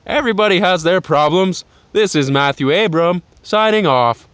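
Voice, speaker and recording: A man putting on a brash, fast-flowing accented voice, loud and bossy. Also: high voice, lively intonation, clear, resonant tone, no room sound, pitched above the performer's own voice. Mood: chipper.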